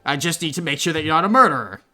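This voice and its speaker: A woman game master voicing an excitable older half-elf father who talks loudly and stumbles over his apologies in a tabletop game. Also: deep voice, racing, voice pushed up. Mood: cheerful. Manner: loud, flustered, tripping over apologies.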